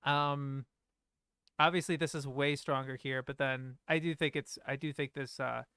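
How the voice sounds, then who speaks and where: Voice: medium pitch, fairly even intonation, moderate pace, sharp tone, smooth, dry recording, studio quality. A stream host giving chatty commentary that compares a film's dub and sub, with many fillers. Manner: chatty, with fillers and acted-out quotes.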